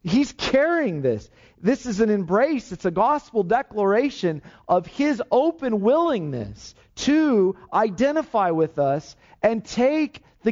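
A male pastor preaches a sermon earnestly and emphatically, often restarting his phrases. His high voice is very animated yet slow-paced and a little mellow. The recording sounds dull and lo-fi.

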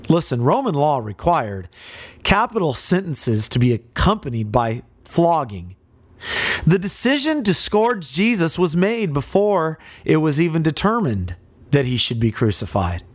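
A man's voice: on the high side, sing-song, measured pace, no echo. A man preaching a sermon with dramatic emphasis and rhetorical questions.

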